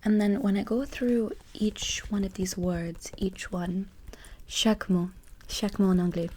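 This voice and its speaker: A woman in a whispered role-play as a gentle French tutor, her tone dark and mellow. She keeps a level, unvarying pitch as she moves between soft whispers and hushed speech. She switches between English and French and repeats each word slowly. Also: fairly even intonation, a little hiss or hum.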